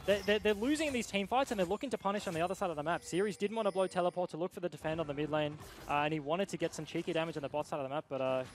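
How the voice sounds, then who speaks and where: A young man giving quick, analytical play-by-play for an esports match. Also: sits high. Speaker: esports caster. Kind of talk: fast esports commentary.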